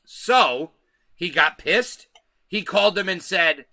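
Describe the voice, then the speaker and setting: High bright-voiced male livestream host. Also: expressive, slow pace, no echo. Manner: emphatic, profane, keeps asking "okay?". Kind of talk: casual livestream commentary.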